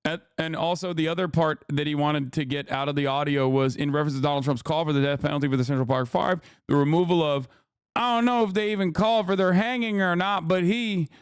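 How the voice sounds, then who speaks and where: A man's voice: a little high, steady tone, fast, clear, resonant tone, no echo. A man hosting a stream, reacting to political clips with blunt, profane, sarcastic commentary into a close mic.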